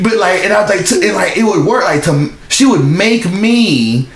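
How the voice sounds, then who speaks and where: A young man chats casually on a podcast, telling profane, rambling stories with lots of false starts. His pitch swings widely and sits a little high. The room is echoey, with a faint hiss underneath. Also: expressive, moderate pace, hardly any pauses.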